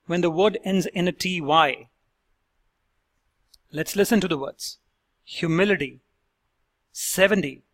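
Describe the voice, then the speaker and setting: A man with a slightly high voice leads a pronunciation lesson. He speaks slowly and deliberately, pausing to pronounce each example word with care. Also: fairly bright tone. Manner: slow, deliberate, enunciating example words. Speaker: English pronunciation teacher. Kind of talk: instructional video lesson.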